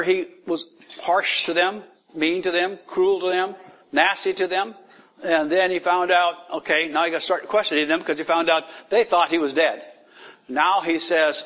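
High-voiced man teaching scripture. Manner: animated, asks the audience questions, acts out quoted lines, laughs often. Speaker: Bible teacher. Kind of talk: casual sermon teaching.

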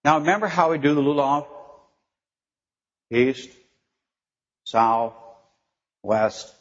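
A man's voice: fairly high pitch, slow pace. Older man preaching in an echoing hall. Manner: chatty, acts out voices in stories, laughs often. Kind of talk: informal sermon. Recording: dull recording with long hall reverb.

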